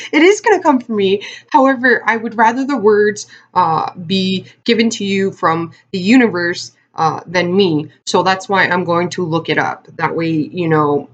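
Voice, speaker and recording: A woman's voice: on the low side, measured pace, hardly any pauses, lo-fi sound. A woman giving a casual tarot card reading to her viewers, talking in a chatty, rambling way with lots of fillers and asides. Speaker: tarot reader.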